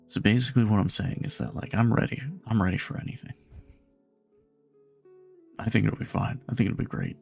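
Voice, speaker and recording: A young man streaming live, bantering and joking with his chat in a relaxed, casual way. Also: fairly low pitch, normal speed, creaky, slightly rough, faint music behind. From Nebraska, USA.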